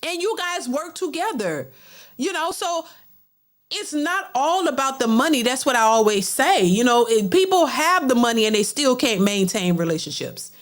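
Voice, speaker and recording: A woman's voice: high voice, very animated, normal speed. A middle-aged woman hosting a livestream, reading viewer super chats and giving casual, talkative commentary that often repeats words. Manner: chatty, repeats words, mimics others in a mocking voice.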